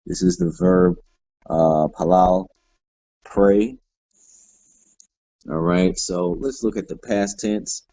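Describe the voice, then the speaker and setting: Male teacher, low dark gravelly voice, explanatory classroom delivery full of fillers, dull lo-fi classroom recording. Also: animated, slow, long pauses, dry recording. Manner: explanatory, frequent fillers and self-corrections. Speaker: Hebrew teacher. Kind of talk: classroom grammar lesson.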